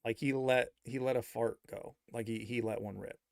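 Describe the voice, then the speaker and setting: A man casually telling a story, slangy and full of fillers, getting loud and high with disbelief. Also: normal speed, vocal fry, no echo, clean studio sound. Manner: animated, rising to high-pitched disbelief, laughs while telling; slangy, many fillers and repeats.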